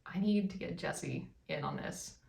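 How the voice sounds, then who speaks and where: A woman co-hosting a vlog in casual chat, with a strong vocal fry and a rambling way of talking full of fillers. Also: on the low side, wildly swooping pitch, measured pace, a little mellow. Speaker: vlog co-host. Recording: echoey room, mic at a distance.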